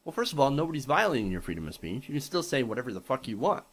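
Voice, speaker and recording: A male political commentator with a mid-pitched voice that rises and falls a great deal. He argues in a sarcastic, indignant way and swears freely. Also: big pitch swings, rapid-fire. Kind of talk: opinionated commentary monologue.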